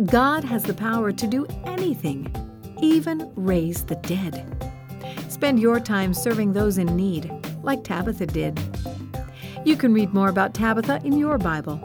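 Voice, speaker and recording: A woman narrating a Bible story for children in a gentle, expressive scripted style. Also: mid-range voice, unhurried, music in the background.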